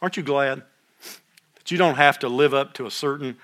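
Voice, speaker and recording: An older man teaching a Bible study like a sermon, reading scripture aloud more loudly and dropping into quiet asides, often clearing his throat. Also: medium pitch, brisk.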